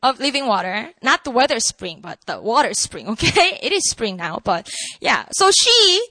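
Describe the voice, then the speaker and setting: A woman preaching a casual, conversational sermon, animated and full of asides to the congregation. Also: fairly high pitch, moderate pace, no echo.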